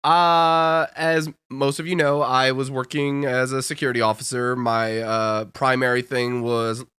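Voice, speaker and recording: Man, podcast host, laid-back storyteller, bright tone, dry close mic. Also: mid-range voice, level tone, a little slow, clean tone, no room sound. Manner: laid-back, dramatic retelling with voiced quotes. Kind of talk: casual chat.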